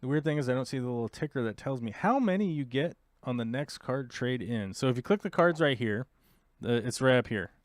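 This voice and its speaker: A man of middle pitch chats his way through a strategy game, thinking aloud and dropping sarcastic asides. His voice sits close and dry, with no room sound around it. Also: lively intonation, fairly quick, no room sound. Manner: explains the game controls to viewers. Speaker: live-stream host. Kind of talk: casual play-by-play while playing a strategy game.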